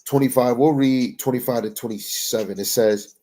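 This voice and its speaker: In a mellow, medium-pitched voice at a moderate pace, a preacher delivers a conversational Bible lesson. His style is emphatic and full of street slang, he checks in with "right?" constantly, and he reads scripture in archaic language.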